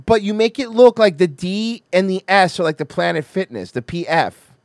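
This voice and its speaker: A man's voice: high voice, normal speed, dry recording, clean studio sound. A man hosting a casual livestream, reacting animatedly and swearing freely. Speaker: livestream host.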